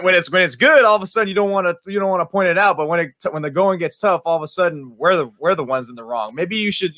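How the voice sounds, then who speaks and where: A man's voice: on the high side, pushed and bright, no room sound. A man on a sports talk panel, heated and ranting.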